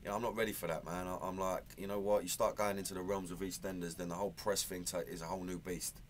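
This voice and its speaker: A man's voice: deep voice, level tone, quick pace, a little hiss or hum. A man with a Cockney London accent chatting in an interview, blunt and matey, full of "you know" and "man". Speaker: actor being interviewed. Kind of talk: casual interview chat.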